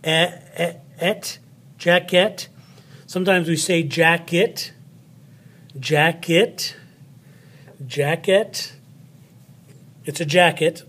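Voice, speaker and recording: A man's voice: fairly high pitch, fairly bright tone. A man teaching children a spelling lesson, playful and patient, talking straight to them. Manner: playful, slow and patient, speaks to an unseen child.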